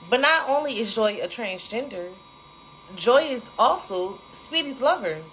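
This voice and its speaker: A young woman spins a dramatic storytime straight to her viewers, talking in a lively, repetitive way with a fairly high voice. A faint hiss sits under the recording. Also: measured pace, rough recording. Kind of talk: casual storytime.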